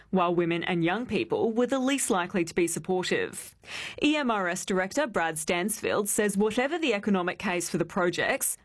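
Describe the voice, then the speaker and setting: A woman reading a news report in a steady, clear way. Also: mid-range voice.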